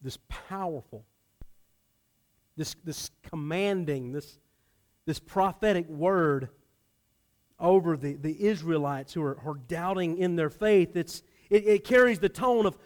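A man preaching a sermon, a pastor who swings from loud emphasis to hushed, low delivery. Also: measured pace.

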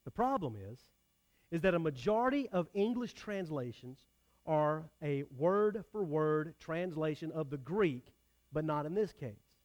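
A man's voice: a little high, animated, unhurried. A man preaching a sermon, talking directly with his congregation in a conversational way. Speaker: pastor.

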